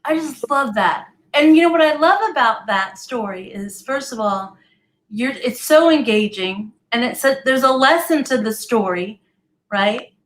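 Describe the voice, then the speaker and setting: A woman's voice: fairly high pitch, lively intonation, unhurried, a bit bright. Woman podcast host, enthusiastic, affirming, leans on tag questions. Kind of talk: casual interview chat.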